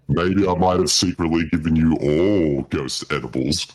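A man's voice: a bass voice, steady tone, slow, hardly any pauses, a little mellow, no echo, low-quality recording. A man in a casual movie watch-along podcast, teasing the others in a mock-sinister way.

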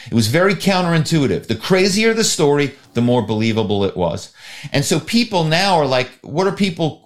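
Middle-aged guy in an interview, telling stories, acts stuff out, average pitch. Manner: animated, acts out calls. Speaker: guest, former corporate spy and actor. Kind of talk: storytelling in an interview.

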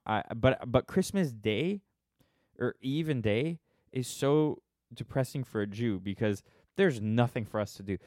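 A man's voice: mid-range voice, dry recording, clean studio sound. A man in his thirties hosting a podcast live stream from his phone, rambling casually in a joking, sarcastic, self-mocking way with many restarts.

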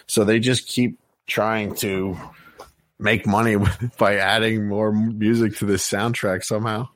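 A man's voice: on the low side, unhurried, no echo. A man hosting a podcast, reading out song lists with frequent fillers in casual chat. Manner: steady, list-reading with many fillers. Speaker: podcast host.

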